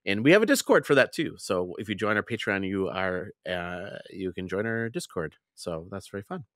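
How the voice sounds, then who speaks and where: Chatty male podcast host, lively pitch. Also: moderate pace, dry recording, clean studio sound. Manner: upbeat, chatty sign-off with fillers. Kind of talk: casual podcast chat.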